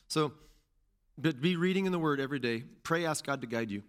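A pastor delivering a sermon with animated, conversational delivery, repeating phrases for emphasis and dropping in casual asides. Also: male voice, a little high, fairly quick, smooth.

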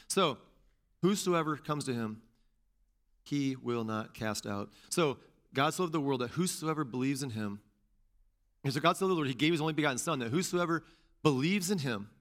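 A man preaching a sermon as pastor and teacher, repeating key phrases and rising to loud stresses. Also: mid-range voice, lively intonation, brisk.

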